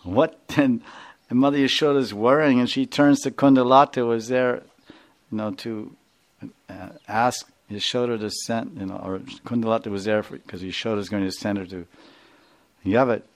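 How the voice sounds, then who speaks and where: A man's voice: mid-range voice, fairly even intonation, normal speed. A man giving a sermon, telling a devotional story and explaining its terms. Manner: explains terms, laughs, acts out figures.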